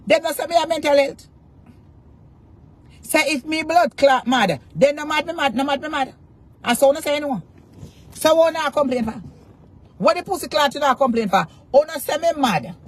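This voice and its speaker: A Jamaican woman ranting defiantly to her followers, cursing in Patois and repeating taunts. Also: sits high. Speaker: social media personality. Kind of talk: angry rant to camera.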